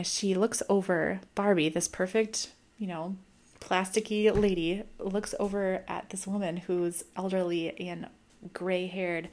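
A young woman, a mom vlogger, giving a thoughtful, musing film review in casual talk, with lots of ums and likes. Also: medium pitch. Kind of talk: casual reflective monologue.

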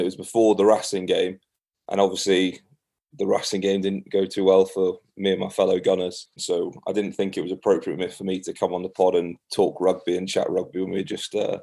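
A young Englishman on a podcast with a deep voice and a gravelly, fry-laden edge. He talks in an even, level way without much rise and fall. His manner is easygoing and self-deprecating, with laughs dropped in along the way. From England. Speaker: podcast guest, rugby player. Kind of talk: casual chat.

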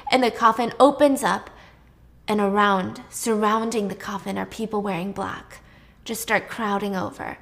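A woman casually retelling a drama's plot, chatty and lively, raising her voice when she acts out the characters' lines. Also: normal speed, gravelly. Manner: chatty, acts out dialogue with raised pitch. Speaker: drama recap narrator. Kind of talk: casual storytelling recap.

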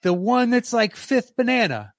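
A man's voice: very high voice, big pitch swings, moderate pace, vocal fry, dry recording, studio quality. A man in casual podcast talk, rambling enthusiastically about a movie he loves, with frequent restarts. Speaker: podcast co-host. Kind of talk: casual film discussion.

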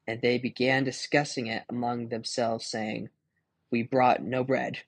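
A young man hosts a casual devotional podcast, his mid-pitched voice gravelly and a little husky. He chats loosely, peppering his talk with "like" and "um" as he reads and explains scripture. The sound is close and dry, with no room around it. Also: level tone, unhurried, dry recording. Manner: chatty, laughing, full of fillers like "like" and "um". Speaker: podcast host.

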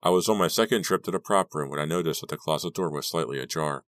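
Super deep voiced guy reading an audiobook, steady storytelling, dry close mic. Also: quick pace, no echo. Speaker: audiobook reader. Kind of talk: scripted first-person narration.

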